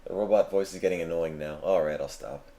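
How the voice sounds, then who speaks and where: A man's voice: deep voice, quick pace, mellow. A man giving let's play commentary during a marathon stream, cracking dry, self-mocking jokes and rambling as he plays.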